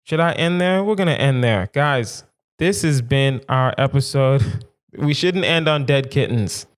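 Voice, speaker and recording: Emphatic comedian riffing solo, smooth clear voice. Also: male voice, medium pitch, unhurried. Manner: animated, emphatic riffing with repetition. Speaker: podcast host. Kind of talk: solo comedic podcast monologue.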